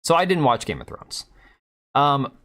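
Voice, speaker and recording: A man's voice: mid-range voice, huge pitch swings, a little slow, a bit bright. A man hosting a casual live stream, reacting to clips with sarcastic, mocking remarks and talking to viewers. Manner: sarcastic, mocking, chats to viewers and his cat. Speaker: streamer host.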